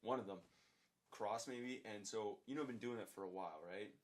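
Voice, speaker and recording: Young adult male guest, casual storytelling, animated and profane, acts out dialogue. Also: fairly low pitch, brisk. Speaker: podcast guest.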